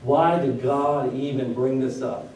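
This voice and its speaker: A man's voice: medium pitch, a little slow, mellow. A man preaching a sermon as pastor, firing off rhetorical questions at his congregation. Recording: very echoey room, voice from a distance.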